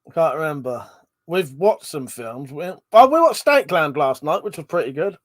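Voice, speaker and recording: A chatty male livestream host reads viewer comments aloud and swears freely in casual chat. His voice is a little high and fairly bright, swinging widely in pitch at a moderate pace, on a dry recording.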